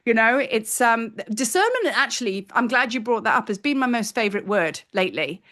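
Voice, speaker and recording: A woman in her fifties talks through a spiritual lesson in a casual, chatty way, acting out her own thoughts as she goes. Her voice sits a little high for a woman. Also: brisk. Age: 50s. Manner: animated, chatty, acts out her own inner voice. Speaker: spiritual teacher. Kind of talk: casual spiritual teaching talk.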